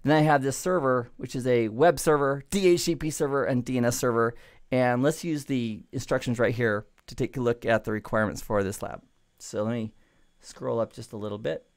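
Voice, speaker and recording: A middle-aged man giving a relaxed, chatty networking lesson over a screen recording, with playful digressions. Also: medium pitch, brisk. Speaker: network instructor. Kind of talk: screen-recorded tech tutorial.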